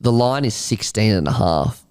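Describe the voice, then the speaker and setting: An Australian man chatting as a podcast guest, talking in a rambling, animated way. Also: on the low side, normal speed, smooth. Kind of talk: casual chat.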